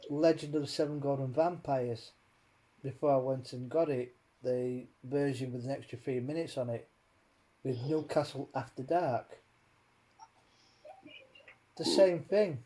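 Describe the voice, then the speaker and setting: Male host, unhurried and rambling, with a warm low tone and an easy cursing rant. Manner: rambling, swearing, ranting. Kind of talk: casual chat.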